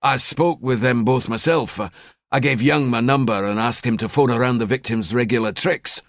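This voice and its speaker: A man's voice: medium pitch, moderate pace, no room sound, studio quality, natural voice. A man voicing a cheeky, sardonic male police detective in an audiobook. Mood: wry. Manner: wry, chatty.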